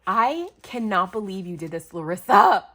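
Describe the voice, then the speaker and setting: A young woman from the United States vlogging a craft mail unboxing, talking fast and gushing, overwhelmed and near tears. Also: mid-range voice. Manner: gushing, talkative, breathless bursts of excitement. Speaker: craft YouTuber. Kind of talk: excited unboxing vlog.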